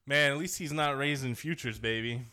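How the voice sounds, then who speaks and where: A man in his twenties co-hosts a podcast in a casual chat, his mid-range voice fairly quick, pushed and bright, with a clear, resonant tone. He laughs and jokes a lot and does voices when quoting people.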